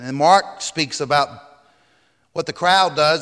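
A man's voice: fairly high pitch, normal speed, fairly bright tone, big-room sound. A man pastor preaching a sermon, reading scripture aloud dramatically and raising his voice on the quoted cries.

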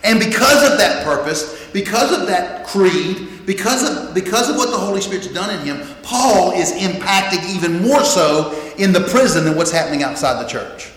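Pastor: man, slightly high voice, earnest emphatic sermon, echoey sanctuary. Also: expressive, moderate pace, few pauses, fairly bright tone. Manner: earnest, emphatic preaching with repeated phrases and restarts. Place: church sanctuary. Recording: echoey hall with long reverb.

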